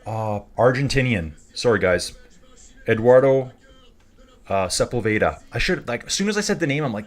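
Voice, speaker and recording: A man's voice: mid-range voice, lively intonation, normal speed. Guy doing a chill cycling stream at his webcam, rambly and jokey, just chatting. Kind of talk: casual live-stream commentary.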